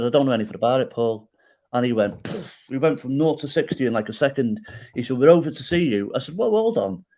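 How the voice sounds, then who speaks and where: A middle-aged man telling a personal story as a podcast guest, acting out the quoted dialogue and checking in with the listener as he goes. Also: medium pitch. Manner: animated storyteller who acts out quoted dialogue and tags lines with "right?".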